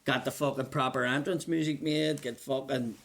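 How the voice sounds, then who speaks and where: A man's voice: mid-range voice, fairly even intonation, normal speed, vocal fry, fairly bright tone. A man telling profane stories in casual banter, often laughing as he talks. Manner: profane storyteller who laughs through anecdotes.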